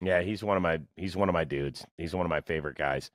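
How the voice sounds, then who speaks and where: A man's voice: low-pitched, quick pace, dry recording, studio quality. A man hosting a sports talk interview, asking his guest chatty, enthusiastic questions. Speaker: podcast host.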